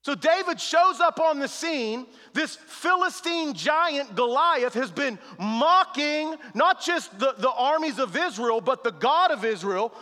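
Male pastor, high bright voice, slangy sermon, big hall reverb. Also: lively intonation, a little slow, hardly any pauses. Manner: preaching with swings from hushed to shouted; plain slangy street talk.

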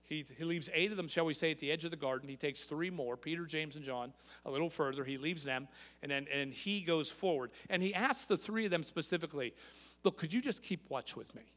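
A man's voice: a little high, brisk, fairly bright tone. A male pastor preaching a sermon, repeating key phrases for emphasis and asking the congregation rhetorical questions. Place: church sanctuary. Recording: long reverb of a large hall.

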